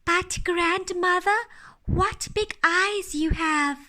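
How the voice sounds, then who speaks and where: A woman voicing a frightened little girl in a storybook reading, high and timid. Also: takes it slowly, sharp tone, full character voice. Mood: puzzled.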